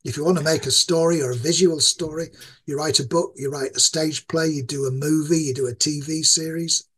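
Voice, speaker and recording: A man's voice: on the high side, fairly even intonation, fairly quick, fairly bright tone, husky. A man in his sixties with an East Yorkshire accent, talking at length as an interview guest, rambling with many fillers. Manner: rambling, self-described ranting with many fillers. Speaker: guest game designer. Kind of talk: casual interview talk.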